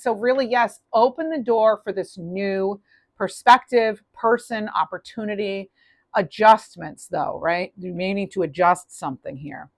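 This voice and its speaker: A woman's voice: mid-range voice, moderate pace, dry recording. A woman giving a casual, upbeat tarot reading, chatty with many restarts. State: clearing throat, losing voice. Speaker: tarot reader.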